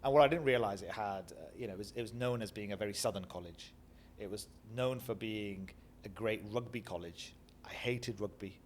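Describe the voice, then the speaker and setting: A middle-aged man from Bradford with a Northern English accent, telling animated stories as an interview guest and acting out the voices of people he quotes. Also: lowish voice, fairly quick, slight background noise. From Bradford, England. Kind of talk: reflective storytelling interview.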